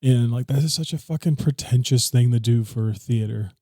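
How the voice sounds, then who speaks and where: A man's voice: mid-range voice, normal speed, mellow, no echo, clean studio sound. A man co-hosting a casual film review podcast, talking loosely, swearing freely and laughing often. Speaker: podcast co-host.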